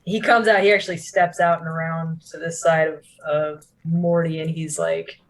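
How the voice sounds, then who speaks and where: A game master runs a tabletop session over voice chat, narrating each turn in a loose, rambling way. The voice sits at an ordinary middle pitch. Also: little pitch movement, normal speed, low-quality recording. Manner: rambling, many fillers like "like".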